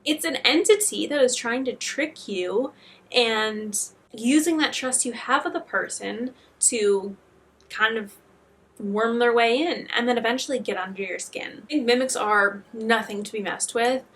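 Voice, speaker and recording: Higher-voiced woman host. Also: unhurried, fairly bright tone. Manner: earnest, talks directly to viewers. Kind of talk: commentary between clips.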